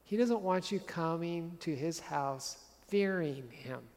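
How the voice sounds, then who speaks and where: A man's voice: on the high side, slow, a little mellow, long reverb tail, a little hiss or hum. A man preaching a sermon as a pastor, conversational and earnest, driving points home with repeated phrases.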